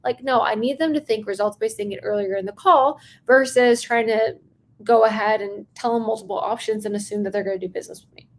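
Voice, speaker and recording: A young woman coaching on sales during a live stream, talking fast and chatty with lots of fillers. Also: fairly high pitch.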